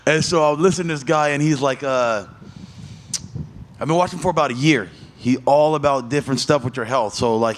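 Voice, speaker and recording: Profane, rambling fighter in an interview. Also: male voice. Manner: jumps high in pitch when telling a story. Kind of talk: casual media day interview.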